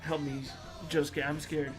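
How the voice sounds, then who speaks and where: A man's voice: fairly high pitch, flat delivery, a little slow. Goofy man reading jokes over music. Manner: loud, goofy, joking delivery. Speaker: streamer reading viewer jokes. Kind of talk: comedic reading on a livestream. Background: music playing.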